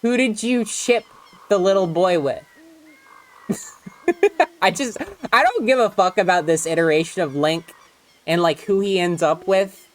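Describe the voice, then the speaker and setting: A woman's voice: fairly low pitch, animated, unhurried, pauses often. A woman casually chatting and swearing while streaming a video game, rambling with frequent laughs.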